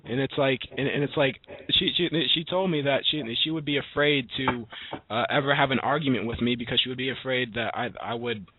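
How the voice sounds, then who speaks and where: A young man on a panel discussion, telling stories in a halting way with many restarts and fillers. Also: mid-range voice, background noise. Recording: tinny phone-like audio.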